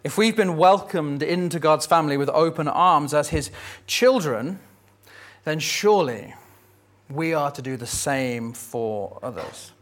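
A man's voice: fairly high pitch, expressive, a little slow, a bit bright. A man preaching a sermon, telling a Bible story in a conversational, lightly humorous way. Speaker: pastor.

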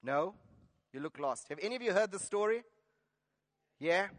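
Guy preaching, kinda high voice, acts out the story lines, long echo in the hall. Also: moderate pace. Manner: lively storytelling, acts out the characters' lines, asks the congregation questions. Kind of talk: sermon retelling a Bible story.

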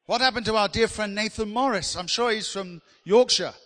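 A man's voice: sits high, normal speed, fairly bright tone, long reverb tail. A man preaching a sermon in a chatty, joking way, teasing the congregation.

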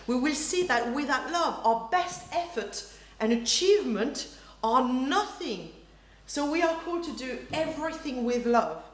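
Lively woman preaching in an echoey hall. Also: high voice, unhurried. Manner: lively, animated, acts out quoted reactions, laughs often. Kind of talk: sermon. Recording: roomy hall echo, faint ambience.

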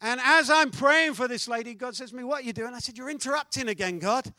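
A man preaching a sermon, telling a story with animated swings between loud declarations and hushed asides. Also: extremely high pitch, a little fast, dry recording.

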